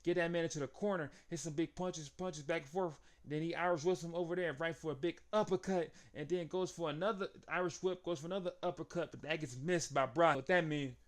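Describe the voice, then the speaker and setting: Excitable young man recapping wrestling. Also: a little high, fairly quick, hardly any pauses. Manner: excitable, laughing, acting out the wrestlers' lines. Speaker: wrestling show reviewer. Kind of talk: casual recap commentary.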